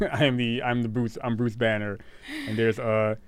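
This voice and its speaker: Man, casual couple chat, mid-pitched, rambling and repetitive, dry sound. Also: flat delivery, a little slow, clean tone, no room sound. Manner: rambling, repeats words, laughs often.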